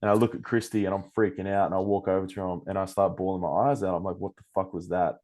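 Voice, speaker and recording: Male podcast guest, Australian accent, low-pitched, lively anecdotal delivery with acted-out quotes. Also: very fast. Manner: animated, swears freely, acts out quoted speech. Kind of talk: casual storytelling.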